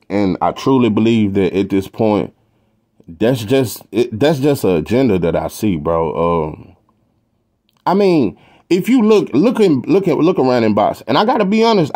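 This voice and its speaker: On his boxing talk show, a man from Texas with a Texan accent rambles emphatically through casual, opinionated commentary, peppering it with slang and swearing. His voice is on the low side and a little mellow.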